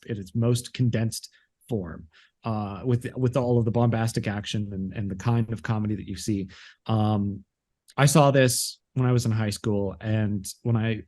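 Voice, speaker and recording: Halting man gushing over a film. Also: lowish voice, darkish tone. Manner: halting, many fillers and repeated words. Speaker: podcast co-host. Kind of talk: casual chat.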